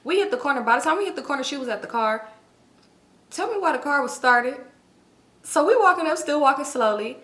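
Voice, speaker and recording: In an echoey room, a woman in her thirties tells her audience a storytime, swearing freely and keeping it casual. As she gets heated, her voice jumps quickly upward in pitch during the lively retelling.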